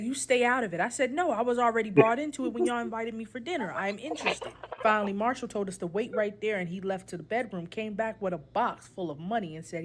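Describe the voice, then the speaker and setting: A woman calling in to a podcast, telling a comic story in a steady, deadpan way. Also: medium pitch, a little hiss or hum. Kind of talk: reading a comic story aloud.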